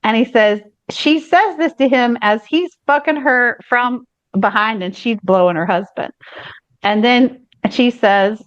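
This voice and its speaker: A woman's voice: on the high side, a little slow, no room sound, lo-fi sound. A woman co-hosting a podcast, telling stories in a frank, explicit casual chat with many restarts. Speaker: podcast co-host. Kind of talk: candid casual chat, storytelling.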